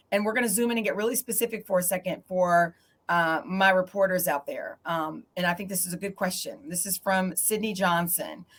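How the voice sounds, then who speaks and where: A middle-aged woman, a TV news anchor, moderating a panel and telling stories in a chatty, animated way. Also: fairly low pitch. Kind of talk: casual panel discussion.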